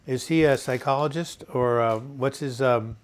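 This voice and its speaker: A man's voice: mid-range voice, moderate pace. Rambling, earnest man hosting a live chat. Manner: rambling, reads viewer comments aloud, frequent fillers and restarts; encouraging, earnest. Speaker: live-chat host answering viewer questions. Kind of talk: casual unscripted live chat.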